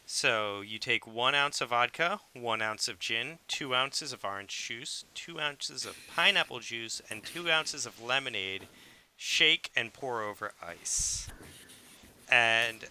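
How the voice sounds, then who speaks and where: A man's voice: medium pitch, slow, bright, forceful tone, clear, resonant tone. A man co-hosting a podcast in casual chat, chatty and self-deprecating. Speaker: podcast co-host.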